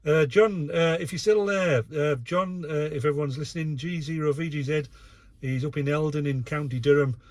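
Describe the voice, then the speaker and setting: A man's voice: a little high, moderate pace, a little mellow, no room sound. A man running an amateur radio net from his vehicle, chatting casually and reading out call signs with many filler uhs. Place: in a vehicle, operating mobile.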